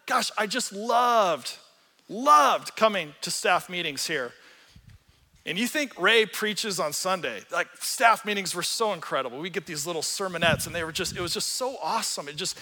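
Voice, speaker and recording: A man pastor preaching a sermon in an animated, earnest storytelling way, acting out the quotes he tells. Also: sits high, big-room sound.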